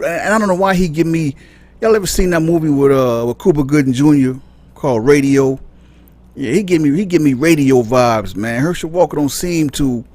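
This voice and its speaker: A man's voice: medium pitch, a little mellow. A man hosting a casual commentary segment, talking in an exasperated, incredulous way and rambling with frequent restarts. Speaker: commentary channel host.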